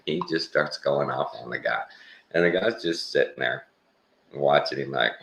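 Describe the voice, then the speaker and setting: Deep, gravelly Texan host; rambling, offhand reaction commentary. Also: male voice, animated, normal speed, fairly bright tone, echoey room, slight background noise. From Texas. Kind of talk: casual commentary while watching clips.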